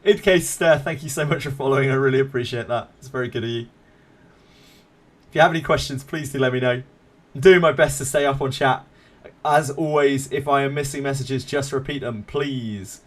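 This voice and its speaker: A man's voice: medium pitch, fairly quick. Laid-back self-mocking gaming streamer man. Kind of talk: casual live-stream chat.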